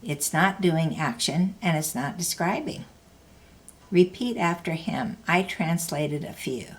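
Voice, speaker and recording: A woman's voice: lowish voice, expressive, slow. A woman teaching a language lesson, explaining grammar carefully in a scripted narration.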